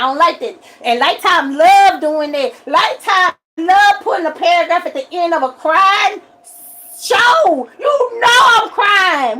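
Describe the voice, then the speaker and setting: A woman hosting a livestream, ranting in a casual, animated way and repeating her complaints. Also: sits high. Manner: animated, repetitive complaining, rising to shouts. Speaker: livestream host.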